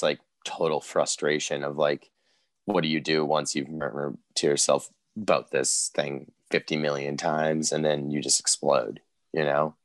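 A man with an extremely deep, low voice talks casually on a music podcast. He rambles, stacking filler words as he works through his thoughts. The sound is dry and close, with no room around it. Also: dry recording.

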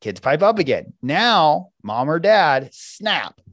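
On a podcast, a middle-aged parenting coach explains parenting techniques at a slow pace, his pitch swinging lively up and down. He's animated and often acts out short quoted lines as a parent or a child. His voice sounds close and dry on the mic, with no echo.

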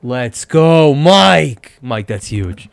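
A young American man co-hosting a casual comedic chat, riffing quickly and laughing often. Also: medium pitch, vocal fry, no echo. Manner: animated, joking, quick riffs, frequent laughter. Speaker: podcast co-host.

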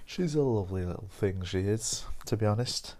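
A man's voice: fairly low pitch, animated, moderate pace, warm tone. A tired young man hosting his own podcast, rambling along in a wry, self-mocking casual chat. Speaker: podcast host.

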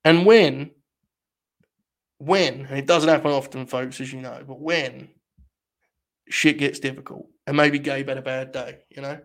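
A man's voice: medium pitch, steady tone, measured pace, gravelly, pauses often. A young man hosting a live watch-along stream, talking in a mock-grandiose, rambling way full of swearing.

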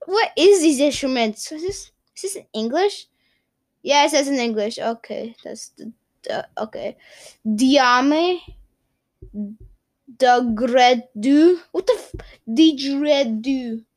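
A young woman chats casually to her viewers. Her voice sits a little high, and she rambles, giggles and stumbles over unfamiliar words. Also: slow pace, long pauses. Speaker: vlogger.

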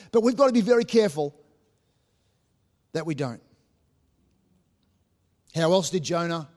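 A man with a high voice preaching a sermon to his congregation. He stumbles and repeats words as he restarts his sentences. Now and then he acts out what the Bible figures say. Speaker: pastor.

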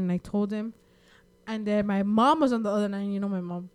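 A young woman telling a rambling, animated story in casual chat. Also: medium pitch, fast, clear, resonant tone. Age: young adult.

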